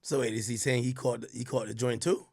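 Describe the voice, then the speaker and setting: A man's voice: mid-range voice, steady tone, fast talker, vocal fry, over loud music. A man streaming a reaction to an interview clip, tossing in blunt, incredulous asides in casual talk.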